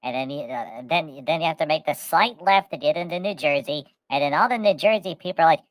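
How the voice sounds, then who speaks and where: A woman with a lowish voice spins a rambling comic travel tale, looping on repeated words and calling herself by name. Her voice sounds dry and close. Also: a little fast, hardly any pauses, dry recording. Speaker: podcast host.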